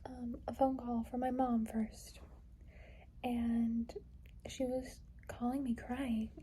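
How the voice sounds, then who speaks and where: This young adult vlogger's voice is a little high, mellow, and breathy-edged, with a flat delivery and slow pace, and the recording quality is low. Rambling through her casual personal vlog with plenty of "like" and "you know," she tries not to cry.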